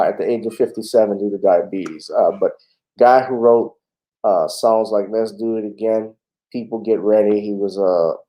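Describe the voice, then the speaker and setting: A man's voice: lowish voice, warm tone, poor audio. A man hosting a casual livestream talk show, chatting in a laid-back way with frequent fillers.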